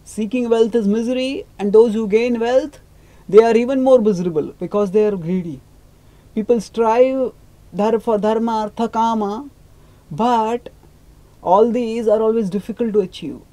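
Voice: medium pitch, moderate pace, warm tone, no echo, voice pushed up, close to an everyday voice. A storyteller voicing a grieving Brahmin husband who laments the misery of life and asks what to do. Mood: lamenting. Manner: lamenting, rhetorical questions.

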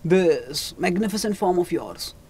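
A speaker with an Indian accent voicing an old blind king who pleads indecisively, lifting the voice higher and louder for the quotes. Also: animated, unhurried, slightly rough. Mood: pleading.

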